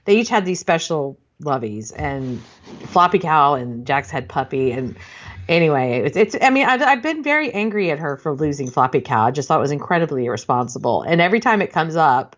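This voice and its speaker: A woman's voice: low-pitched, lively intonation, brisk, highs cut off. A middle-aged woman, co-hosting a podcast and telling rambling family stories in casual chat. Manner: chatty storyteller, rambling with laughs and restarts. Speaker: podcast co-host.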